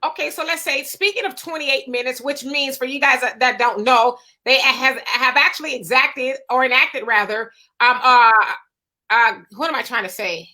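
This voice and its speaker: A woman's voice: high-pitched, moderate pace, sharp tone. A woman hosting a casual interview, chatty and full of fillers as she asks questions. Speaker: host.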